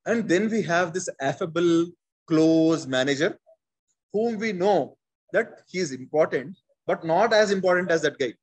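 A man in his forties with an Indian English accent leads a public speaking workshop, repeating his key points and calling on his listeners. His voice sits a little high and sounds husky. He talks in an animated, conversational way. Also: measured pace. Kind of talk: conversational training session.

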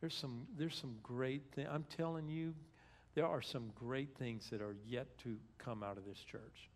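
A man's voice: medium pitch, fairly even intonation, unhurried. A man giving a conversational sermon as a guest speaker in a church, retelling scripture in plain everyday speech.

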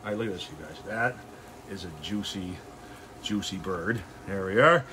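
A man's voice: low voice, normal speed, background noise. A man hosting a casual cooking livestream from his backyard, upbeat and jokey, chatting with viewers as he cooks. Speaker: grill show host. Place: backyard grilling area, outdoors.

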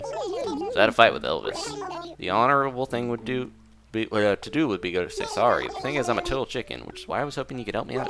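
A man's voice: fairly low pitch, voice pushed up. A man voicing a sleepy, timid male ostrich villager from a video game, yawning through his lines over game music.

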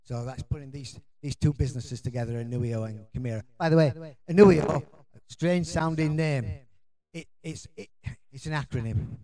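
A middle-aged man from Yorkshire, England, gives a chatty, informal conference talk in a clear Yorkshire accent. His mid-range voice is mellow and moderately paced, and he rambles, restarts sentences, and fills gaps with ums and uhs.

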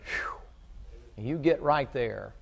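A middle-aged man preaching a folksy sermon, shifting from quiet storytelling to loud, fervent preaching. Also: medium pitch, extremely slow, creaky, slightly rough.

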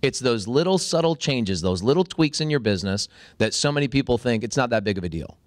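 A man talking as a podcast guest, telling a story with energy and jumping into high, excited voices when he acts out what people said. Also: fairly quick, no echo, studio quality. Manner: acts out quoted dialogue with sudden high-pitched bursts. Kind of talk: animated storytelling in conversation.

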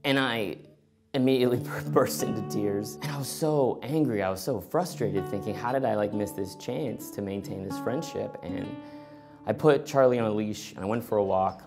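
A middle-aged man tells a true personal story. He acts out the dialogue of everyone in it, keeping a conversational tone, with faint music playing softly beneath his voice. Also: fairly low pitch, moderate pace. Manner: animated, acts out both sides of dialogue.

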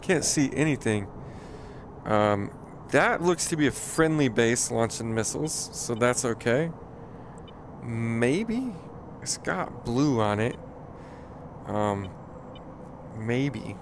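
A man's voice: mid-range voice, lively intonation, drawn-out words, long pauses, background noise. Chatty male game streamer. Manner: chatty, self-deprecating, talks to viewers. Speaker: streamer playing a flight game. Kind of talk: casual live gameplay commentary.

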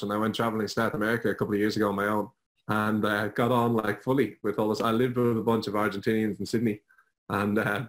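A young man with an Irish accent and a fairly low voice tells a personal story as a guest on an online show. He jokes at his own expense and keeps it light. He talks casually and loosely. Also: low-quality recording. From Ireland. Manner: jokey, self-deprecating storyteller.

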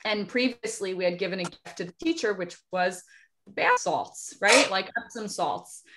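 A woman's voice: mid-range voice, animated, normal speed, very noisy. A woman presenting a DIY skincare demo, chatting casually and telling stories full of "like" fillers. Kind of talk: casual group chat, storytelling.

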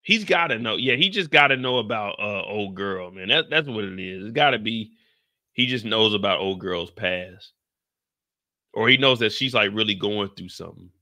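A young man from the Bay Area hosting a casual TV recap, talking in an animated, profane way. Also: fairly low pitch, normal speed. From San Francisco Bay Area. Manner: animated, profane, acts out scenes with shouted put-on lines. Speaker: recap show host.

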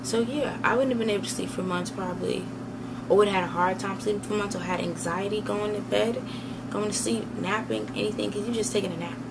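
A woman's voice: medium pitch, steady tone, fairly quick, creaky. Chatty woman vlogger, noisy background. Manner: chatty, rambling reactions. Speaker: channel host. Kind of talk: vlog commentary.

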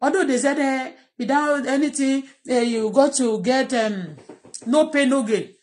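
A woman's voice: sits high, a little slow, a little mellow. A middle-aged woman with a Nigerian accent, talking in an impassioned, repetitive, pleading way in a personal vlog. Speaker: vlogger.

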